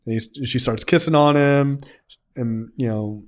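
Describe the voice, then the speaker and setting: A man's voice: mid-range voice, unhurried. A man co-hosting a film review podcast, casually recapping scenes and acting out characters' lines.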